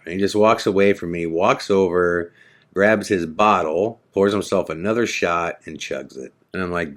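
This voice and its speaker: Low-voiced male podcast host, casual rambling storyteller. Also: normal speed, a bit bright. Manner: loose, rambling, heavy on fillers like "you know".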